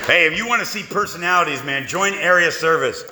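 A man's voice: on the high side, a little fast, background noise. A man sharing his story at a recovery meeting, telling it as a punchy, profane comic tale to a live audience. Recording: echoey hall reverb.

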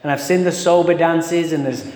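A middle-aged Englishman with an English accent gives a funny, profane, self-mocking talk to a recovery meeting audience. His voice is on the high side but darkish, with a steady tone at a moderate pace. The hall is echoey with long reverb.

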